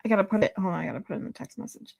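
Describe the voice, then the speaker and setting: A woman's voice: medium pitch, expressive, racing, vocal fry, darkish tone, husky. A woman streaming live, chatting casually with viewers, laughing often and swearing loosely. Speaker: live streamer reading chat.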